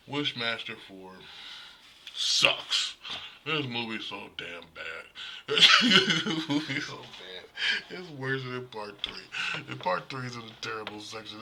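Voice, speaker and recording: A man's voice: mid-range voice, very noisy. A man casually reviewing horror movies in a blunt, profane, rambling way, often restarting his sentences.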